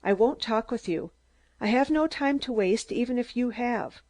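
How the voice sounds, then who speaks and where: A woman voicing a shrill, screaming little agitator. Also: moderate pace, a little mellow, close to an everyday voice. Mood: ranting. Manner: screaming, staccato outbursts. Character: shrill, excitable small older man, a ranting agitator.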